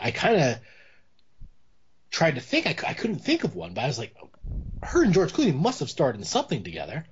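A man's voice: on the high side, breathy edge. A man co-hosting a casual movie podcast, rambling with many restarts as he talks through a film. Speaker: podcast co-host. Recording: dull lo-fi audio.

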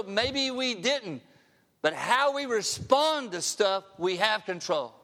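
An older man delivers a sermon at an unhurried, deliberate pace, his voice sitting a bit high for a man. He keeps turning to his listeners with earnest rhetorical questions. The sound carries the long reverb of a large church hall. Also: big pitch swings, bright, forceful tone. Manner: earnest, asks the audience direct rhetorical questions. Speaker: pastor.

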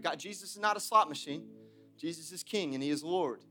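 A young adult man preaching a sermon as pastor, swinging between shouted emphasis and joking asides. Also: a little high, fairly quick, soft background music.

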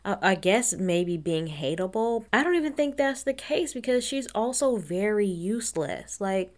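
A woman's voice: medium pitch, animated, normal speed, darkish tone. A woman giving a casual, blunt and sarcastic recap of a TV episode, swearing and laughing often. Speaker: reality TV recap host.

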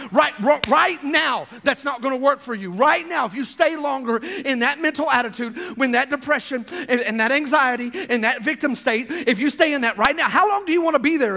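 A man preaching an energetic sermon to a congregation, often acting out playful quoted voices. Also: extremely high pitch, creaky. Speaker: pastor.

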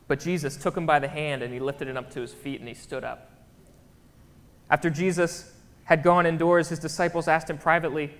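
Long hall reverb colors this church recording of a man preaching a relaxed, conversational sermon. His fairly high, fairly bright voice moves at a normal speed, and he chats freely, frequently checking in with his listeners.

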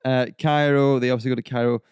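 Speaking fast in a level, darkish, clean voice of medium pitch, a man hosts a relaxed podcast conversation. His storytelling is enthusiastic and trivia-led as he guides his co-hosts through film facts. The sound is dry and clean, studio-grade.

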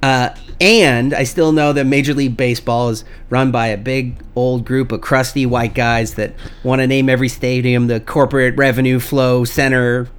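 A man's voice: mid-range voice, fairly even intonation, normal speed, few pauses, smooth. A young man co-hosting a casual comedy podcast, joking, swearing and exaggerating for laughs. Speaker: podcast co-host.

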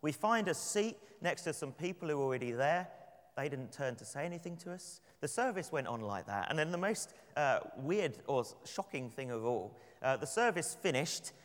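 English preacher in a reverberant church. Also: male voice, fairly high pitch, lively intonation, moderate pace. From London. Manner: conversational, anecdotal, with light laughs. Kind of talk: sermon with prayer and storytelling.

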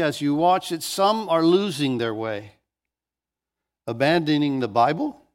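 A man pastor preaching a sermon, telling stories with animation and often restarting phrases. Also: a little high.

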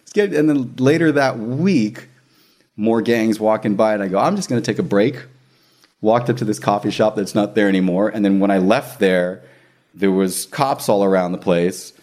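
Brief: male magician spinning a story in casual chat, lively, laughs a lot, does quick voices. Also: fairly low pitch. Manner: animated, laughs often, acts out quoted voices.

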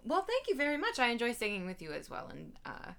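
A woman's voice: on the high side, wildly swooping pitch, fast talker, creaky, fairly bright tone. A young woman co-hosting a podcast, chatting casually with frequent fillers and laughs. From Baltimore area, USA. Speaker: podcast co-host. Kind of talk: casual chat.

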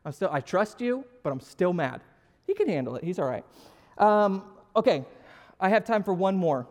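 High-voiced pastor joking in a big hall. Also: male voice, sing-song, moderate pace, a little mellow. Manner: conversational and self-deprecating, joking with the audience. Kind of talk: casual sermon with audience questions.

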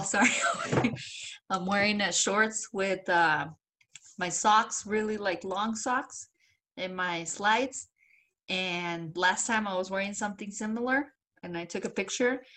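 In a medium-pitched, somewhat bright voice, a young woman co-hosting a podcast wanders through stories in casual conversation, frequently laughing and swearing.

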